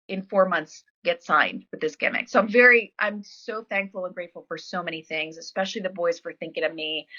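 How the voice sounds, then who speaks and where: A woman's voice: medium pitch, pushed and bright. A woman telling stories in a casual interview, chatty and filler-heavy, acting out the lines of people she quotes. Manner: chatty storyteller, many fillers, acts out quotes. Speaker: podcast guest, former wrestler. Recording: dull lo-fi recording.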